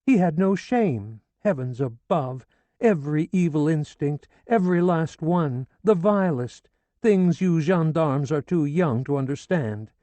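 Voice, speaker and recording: A grieving, indignant old woman, put on by a male narrator in a high, mellow voice. She laments and then berates with fierce scorn, in a close, dry audiobook read. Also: a little slow, no echo. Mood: indignant tirade. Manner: wailing, then scolding and indignant. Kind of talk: audiobook character reading.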